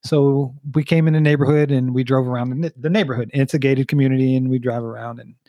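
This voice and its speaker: A man in his forties hosting a podcast, telling animated stories and laughing often. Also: mid-range voice, fast talker, no room sound, muffled recording. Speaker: podcast host. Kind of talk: casual podcast chat.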